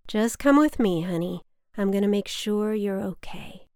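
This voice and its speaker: A woman voicing a brisk, kindly female paramedic who talks casually and soothingly. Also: medium pitch, animated, dark tone, clean tone, dry recording, studio quality. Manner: matter-of-fact, soothing, casual.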